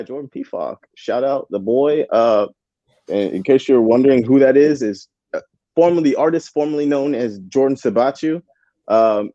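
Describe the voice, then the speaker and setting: A man's voice: medium pitch, dark tone, dry recording, dull audio. A man co-hosting a live match watchalong, chatting casually with slang and frequent laughs. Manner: laid-back, laughs often, slangy. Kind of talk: casual live-stream chat.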